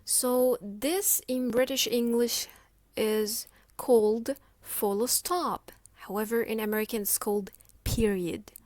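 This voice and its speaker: A woman's voice: fairly high pitch, steady tone, slow pace, a little mellow, dry recording, studio quality. A woman teaching a lecture, checking in often with "okay?" and "right?". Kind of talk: explanatory lecture.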